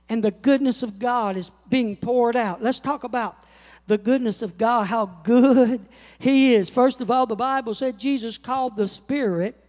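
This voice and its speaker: A man with a very high voice preaches slowly and deliberately, stretching out his words. His delivery is preacherly and climbs to shouts on scripture quotes. The sound carries a long church reverb. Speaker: pastor. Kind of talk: sermon. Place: church sanctuary.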